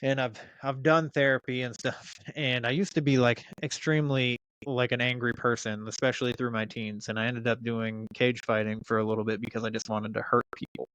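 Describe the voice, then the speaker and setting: A man's voice: medium pitch, flat delivery, brisk, fairly bright tone, clean tone, no room sound. A man in his thirties telling a story in casual chat, swearing freely and restarting his sentences with many fillers. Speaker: podcast guest.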